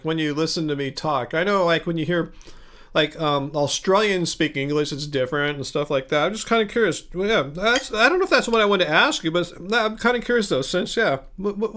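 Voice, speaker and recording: A man with an American accent and a notably high voice, chatting loosely on a livestream. He eats as he talks and wanders through viewer comments, circling back with lots of fillers and restarts. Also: fairly bright tone. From United States. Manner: rambling and curious, many fillers and restarts; eating while talking. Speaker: livestream host. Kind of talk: casual livestream chat answering viewer comments.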